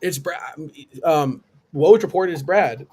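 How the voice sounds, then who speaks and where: Husky, high-voiced man ranting about sports. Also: slow pace, darkish tone. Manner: emphatic, indignant, rhetorical questions. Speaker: sports talk panelist. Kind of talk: heated sports opinion rant. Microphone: live stream call.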